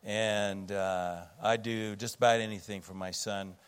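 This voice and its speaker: A man's voice: on the low side, steady tone, a little slow, clear, resonant tone. Middle-aged man preaching a sermon. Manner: conversational storytelling with fillers and restarts. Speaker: pastor.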